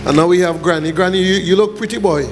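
High-voiced joking pastor in a church hall. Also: male voice, fast talker, over music, crowd noise. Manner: joking, playful banter with congregation; breaks into short sung lines. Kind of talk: church service, handing out gifts.

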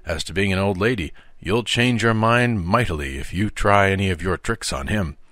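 A man voicing a confident schoolboy with a brisk, slightly superior manner in an audiobook reading. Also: deep voice, a bit bright, dry recording, clean studio sound. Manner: brisk, self-assured, slightly lofty.

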